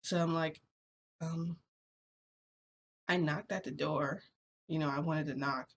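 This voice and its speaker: A woman's voice: low-pitched, steady tone, slow pace, a little hiss or hum. A young woman vlogger telling a personal story in a casual, rambling way, full of fillers.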